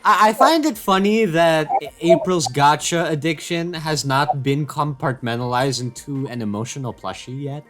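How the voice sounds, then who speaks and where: A man reading a comedy game aloud with friends, animated and laughing between lines. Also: fairly high pitch, moderate pace, hardly any pauses, soft background music. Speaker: game reader.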